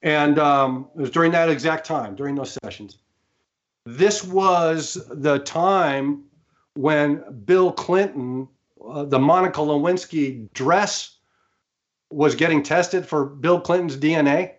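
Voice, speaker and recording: Guest, male: animated storyteller with a slightly high voice, stumbles and laughs, dull lo-fi sound. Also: slow. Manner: animated, laughs often, many restarts. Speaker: guest, studio engineer. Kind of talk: anecdotal storytelling. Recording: slightly muffled remote audio.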